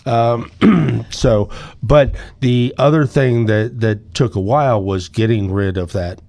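A man hosting an interview, chatting in a relaxed way and asking questions. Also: medium pitch, slow, no room sound. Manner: relaxed, conversational, asks questions. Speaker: interview host. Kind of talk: casual interview chat.

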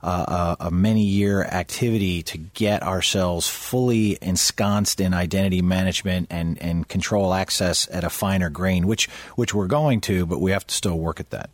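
A man speaking as a military panelist, explaining technical matters in a measured way. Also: low-pitched, fairly even intonation, dry recording. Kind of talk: panel discussion.

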